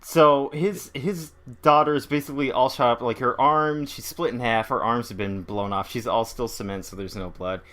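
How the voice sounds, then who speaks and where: A man's voice: mid-range voice, moderate pace, hardly any pauses. Man retelling a comic with gusto. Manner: animated retelling, acts out characters' lines. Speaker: podcast co-host. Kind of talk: casual comic-book discussion.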